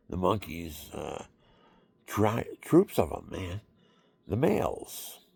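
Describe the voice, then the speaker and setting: A man's voice: on the low side, vocal fry, no echo. A man talking in a rambling, repetitive monologue, now and then acting out other people's voices.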